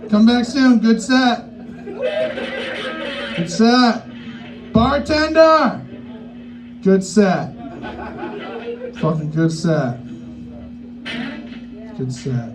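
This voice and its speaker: A man doing a loose, profane stand-up set in a bar, rambling and mocking himself. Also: sits high. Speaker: stand-up comic. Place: comedy bar stage.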